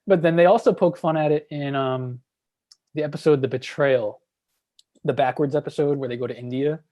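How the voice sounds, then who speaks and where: A man's voice: on the high side, a little fast, dark tone, no room sound, highs cut off. A man guest on a podcast, rambling casually through trivia with many fillers. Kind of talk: casual chat.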